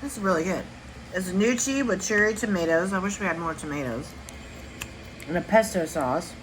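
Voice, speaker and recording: A woman's voice: fairly low pitch, lively intonation, moderate pace, slight background noise, low-quality recording. A middle-aged woman, co-host of a home vlog, chatting affectionately over a meal. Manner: affectionate, calls him sweetie.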